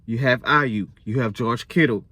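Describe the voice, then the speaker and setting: A young man giving casual football commentary in a blunt, opinionated way, full of slang and fillers, and getting louder when he is fired up. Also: mid-range voice, moderate pace, no room sound. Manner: loose slangy talk with many fillers. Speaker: sports vlogger.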